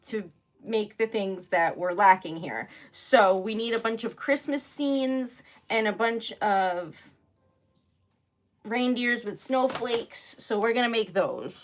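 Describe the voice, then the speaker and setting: A woman's voice: fairly high pitch, slow. A woman hosting a casual craft livestream, chatting and giggling often as she greets viewers. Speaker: livestream host making wax seal stickers.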